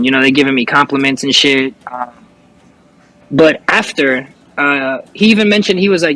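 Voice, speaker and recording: A young man talks as an interview guest in a loose, casual way. His voice is bright and forceful, at a middle pitch for a man. He curses freely and often stops to restart his sentences as he tells his story. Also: fairly quick, rough recording. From New York. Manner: storytelling with frequent cursing and restarts.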